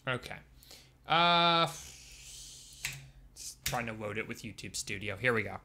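A man giving casual let's-play commentary as a gaming YouTuber, excitable and swinging from quiet mutters to loud bursts. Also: fairly low pitch, measured pace, creaky, slight background noise.

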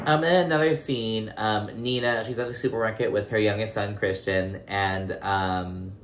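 Man, lowish voice, loose chatty recap host with a swear habit, echoey room. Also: fairly even intonation, moderate pace, few pauses, a little hiss or hum. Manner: chatty, profane, lots of fillers. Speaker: reality show recap host. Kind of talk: casual commentary. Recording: roomy echo.

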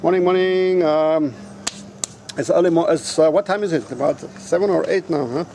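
High-voiced guy rambling to his camera outside, blunt, swears a lot, bit of street noise behind. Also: normal speed, gravelly, warm tone. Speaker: vlogger. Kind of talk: casual walking vlog. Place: outdoors at a resort in a town.

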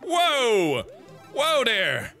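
A young man giving loud, exclamatory gaming commentary, swearing and mocking himself. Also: extremely high pitch, wildly swooping pitch, very slow, soft background music. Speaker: gaming video host.

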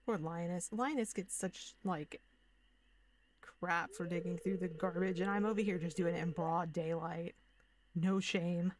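A woman's voice: on the low side, fairly even intonation, measured pace, a crowd in the background. A woman streaming a farming game, chatting casually and rambling with lots of filler words. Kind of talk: casual gaming commentary.

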